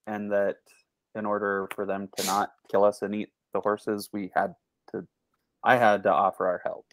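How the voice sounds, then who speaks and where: Guy playing a tabletop game, lowish voice, kinda hesitant, dry close sound. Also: flat delivery, moderate pace, a bit bright, no echo, poor audio. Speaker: player. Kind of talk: casual game play.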